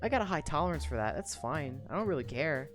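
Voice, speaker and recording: A woman's voice: deep voice, lively intonation, fast talker, over music. A woman voicing a careless, callous teenage boy who shrugs everything off. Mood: indifferent. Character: lazy careless teen boy, dim and callous.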